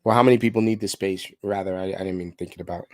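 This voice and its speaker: A man's voice: low-pitched, fairly even intonation, fast talker, darkish tone, no echo. A man in a casual, upbeat style making live sales phone calls and coaching the audience between them, often repeating words as he restarts.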